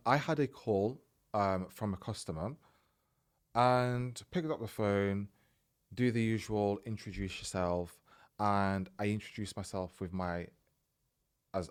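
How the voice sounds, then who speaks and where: A man tells a personal story on his podcast in a relaxed, chatty way. His voice sits a little low, and he gets animated as he acts out what each person said. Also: slow pace, smooth. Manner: animated, retells events by acting out quoted dialogue. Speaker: podcast host.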